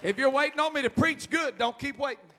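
A man pastor delivering a sermon in a folksy way that rises into shouted preaching. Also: very high voice, a little fast, some chatter behind, a little hiss or hum.

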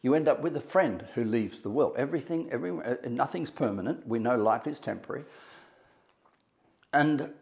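A man giving a motivational talk, telling a story with dramatic pauses and acting out quotes. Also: mid-range voice, animated, vocal fry, darkish tone. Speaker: motivational speaker.

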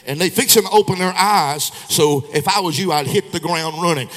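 A man, an evangelist preaching a revival sermon, moving between quiet storytelling and shouted exhortation. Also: a little high, brisk, in a large hall. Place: church sanctuary. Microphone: handheld microphone.

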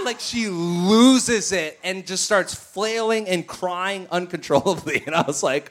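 Speaking at normal speed with few pauses, a man whose voice sits high preaches a sermon full of stories. He animatedly performs the voices of each character.

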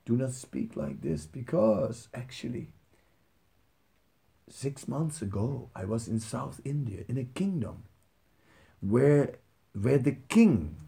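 An earnest, self-effacing priest, as a man tells him in a story, softly playing down his own devotion. The voice is gravelly and close to the teller's own, modest and quiet. It comes across as sacred storytelling shared aloud. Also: mid-range voice, full character voice. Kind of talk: storytelling within a spiritual talk.

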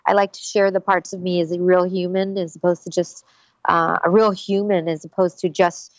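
A woman's voice: on the low side, level tone, normal speed, no echo, muffled recording. A woman voice actor chatting candidly as an interview guest, earnest and a little rambling. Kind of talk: casual interview chat.

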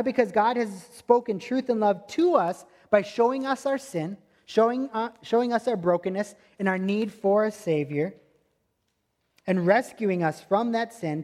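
A man's voice: high voice, darkish tone. Earnest male preacher in a reverberant hall. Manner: earnest, emphatic repetition. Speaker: pastor. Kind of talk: sermon.

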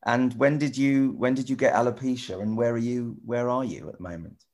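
A man presenter chatting with children in a casual video call, rambling and restarting often, gentle and encouraging. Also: mid-range voice, fairly even intonation, fairly quick. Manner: rambling, stop-start, many repeated "you know". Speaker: TV presenter answering children's questions.

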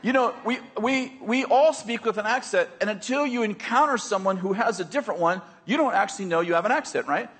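Husky high-voiced preacher man. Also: fairly bright tone, big-room sound. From United States. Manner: conversational, joking asides with the congregation. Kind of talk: sermon. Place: church hall with a congregation.

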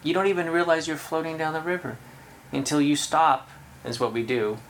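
A meditation teacher giving a relaxed, conversational dharma talk to a group of about thirty people in a room, laughing easily. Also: mid-range voice, fairly quick, a little hiss or hum, rough recording.

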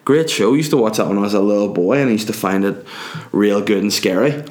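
A man's voice: on the low side, animated, fast, darkish tone. A young man, rambling through a crude comic monologue full of tangents. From Ireland.

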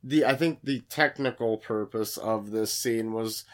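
A man co-hosting a podcast, chatting casually about a film with dry, deadpan quips. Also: on the low side, a little slow. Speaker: podcast co-host. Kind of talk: casual chat.

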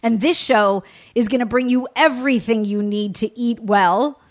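A woman's voice: fairly high pitch, normal speed. A woman hosting a radio food show, talking in an effusive, gushing way.

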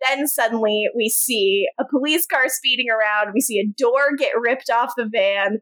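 A woman's voice: a little high, moderate pace, a bit bright, dry recording, poor audio. A woman hosting a podcast, casually retelling a TV episode and acting out the characters' lines. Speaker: podcast host recapping a TV episode. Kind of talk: casual chat.

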